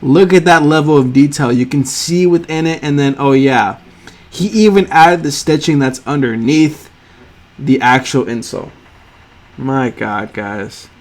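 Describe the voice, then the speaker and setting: A man talks slowly and at a middle pitch, gushing over sneaker drawings on screen. His awe is theatrical, and his voice swings from loud outbursts to hushed near-whispers. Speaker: sneaker art channel host.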